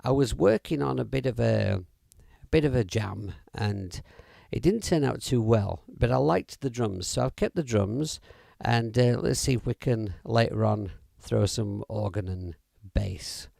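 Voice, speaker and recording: A middle-aged man with a mid-range, gravelly, warm voice talks a little slowly while demoing music apps on a live stream. He's chatty and rambling, full of fillers and self-corrections. The sound is dry and clean, studio-like, captured through an audio interface mic.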